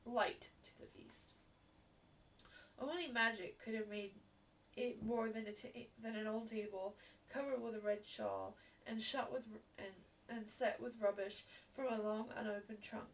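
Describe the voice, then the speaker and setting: A woman reading a classic novel aloud in a gentle, measured way, with the odd small restart. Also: fairly high pitch, fairly even intonation, distant mic, a little hiss or hum. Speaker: storybook reader.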